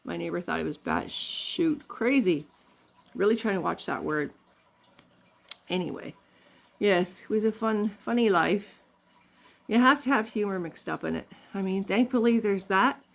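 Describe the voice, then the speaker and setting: A woman's voice: mid-range voice, a little slow, vocal fry, long pauses. An older woman from Canada telling rambling, funny family stories in a casual vlog, laughing often. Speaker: vlogger.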